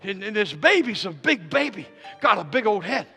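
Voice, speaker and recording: A woman's voice: medium pitch, big pitch swings, normal speed, creaky, pushed and bright, breathy edge, long reverb tail, faint music behind, exaggerated voice. A man preaching, putting on the voice of a blunt, matter-of-fact elderly woman nurse in a story he tells.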